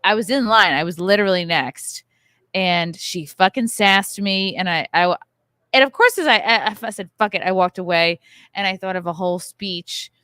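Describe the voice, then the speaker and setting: A woman's voice: medium pitch, normal speed, bright, forceful tone, smooth, no room sound. A woman in her thirties hosting a podcast from a hotel bar, telling a story in a loose, profane, ranting way. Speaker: podcast host. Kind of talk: casual chat.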